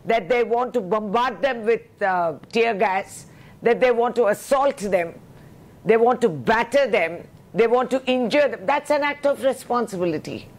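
A woman's voice: fairly high pitch, unhurried. Impassioned woman politician. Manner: impassioned, indignant, rhetorical questions. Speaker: opposition member of parliament. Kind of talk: heated televised news interview.

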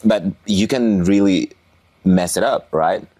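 A man's voice: deep voice, slow pace, mellow, dry recording, studio quality. A man interviewing a comedian, playful and joking along. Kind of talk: casual interview chat.

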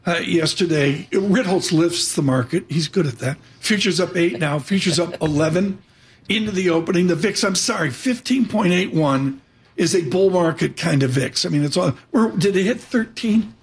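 A man hosting a live financial news show, chatty and jumping quickly between topics. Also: high-pitched, expressive, husky. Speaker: radio and TV markets host.

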